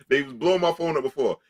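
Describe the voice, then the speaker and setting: A man's voice: on the high side, no room sound. A man co-hosting, joking loosely in slangy casual banter. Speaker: podcast co-host.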